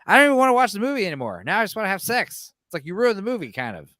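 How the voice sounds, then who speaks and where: A man's voice: sits high, very animated, rapid-fire, sharp tone, dry recording. A man co-hosting a podcast in casual chat, loose and crude, often laughing at his own jokes. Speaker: podcast co-host.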